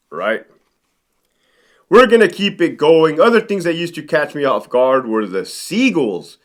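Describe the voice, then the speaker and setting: A man's voice: medium pitch, fairly bright tone. A man, a former correctional sergeant, telling stories to the camera in a conversational way, often tagging his sentences with "right?". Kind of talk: storytelling to camera.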